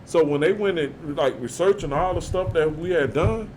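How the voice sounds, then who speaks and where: A man's voice: a little high, normal speed, slight background noise. A man telling a story as a podcast guest, casual and profane, often acting out what others said. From Birmingham, Alabama. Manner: animated, profane, acts out quotes.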